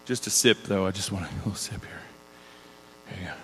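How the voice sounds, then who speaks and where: A middle-aged man preaching a conversational sermon, animated and chatty, often laughing between sentences. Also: low voice, a little fast, slight background noise. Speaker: pastor. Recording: long hall reverb.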